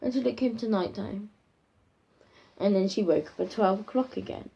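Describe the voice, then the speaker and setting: A woman's voice: medium pitch, moderate pace, vocal fry, mellow, husky. A woman improvising a spooky story in a rambling, casual way, full of fillers and restarts, on a dull lo-fi home recording.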